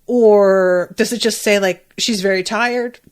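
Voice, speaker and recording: A woman hosting a podcast, reacting to an anime episode in a casual, chatty way, animated and quick to swear. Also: medium pitch. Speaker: podcast host.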